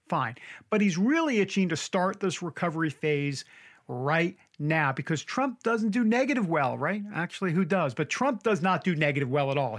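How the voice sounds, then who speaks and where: A man with a New York accent hosts his podcast in a loose, joking ramble, full of self-mocking asides. His voice sits a little higher than most men's. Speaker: podcast host. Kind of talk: chatty podcast monologue.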